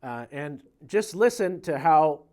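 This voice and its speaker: A man giving a casual guitar lesson in a relaxed, conversational way, counting beats aloud as he explains. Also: fairly high pitch, unhurried. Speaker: guitar teacher. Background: guitar playing.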